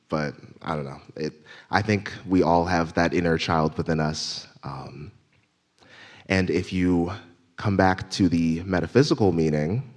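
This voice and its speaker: A man delivering the Sunday message at church in a relaxed, self-deprecating way, improvising with gentle humor. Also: sits low. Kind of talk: informal sermon. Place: church sanctuary.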